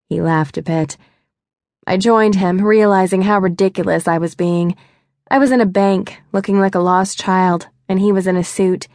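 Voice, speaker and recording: A woman's voice: medium pitch, no echo, studio quality. A young woman narrating a first-person romance audiobook in a wry, chatty, self-mocking way. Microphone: close studio mic.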